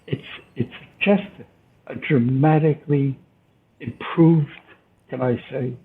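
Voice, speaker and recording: Older man, gravelly, hesitant, reflective, tinny line. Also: mid-range voice, takes it slowly. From United States. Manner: thoughtful, hesitant, with restarts. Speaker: interview guest. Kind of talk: reflective storytelling. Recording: tinny phone-line sound.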